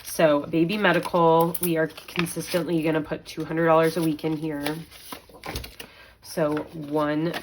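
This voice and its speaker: Low-voiced chatty woman counting cash. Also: slight background noise, rough recording. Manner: chatty, counting aloud, mild self-talk. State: pregnant. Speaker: budgeting vlogger. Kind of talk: casual chat while counting cash.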